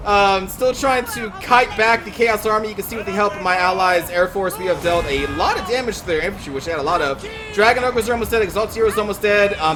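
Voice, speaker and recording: Fast-talking high-voiced man narrating a battle. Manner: quick, excitable, swears in frustration. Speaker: gaming YouTuber commentating his own match. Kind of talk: casual gameplay commentary.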